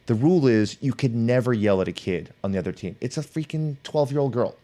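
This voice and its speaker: Speaking fairly quickly at a medium pitch, this middle-aged author and professor is a guest on a podcast. He tells stories conversationally with lots of animation, performing the voices of the people in them.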